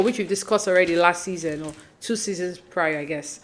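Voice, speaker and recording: A woman's voice: lowish voice, brisk, hardly any pauses. A woman hosting a casual podcast recap of a reality show, chatty and opinionated, with lots of fillers and restarts. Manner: acts out quoted lines with mock voices.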